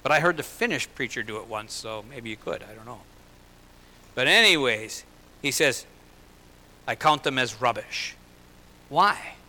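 A man preaching a sermon in an earnest way, slowing and lifting his voice for emphasis and dropping into personal asides. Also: medium pitch, expressive, pushed and bright. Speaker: pastor. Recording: long hall reverb.

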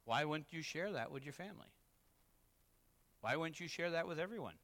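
A man's voice: on the high side, lively intonation, normal speed, a bit bright. A man, a pastor, preaching a candid, confessional sermon that rises to emphatic peaks. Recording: long reverb in a hall.

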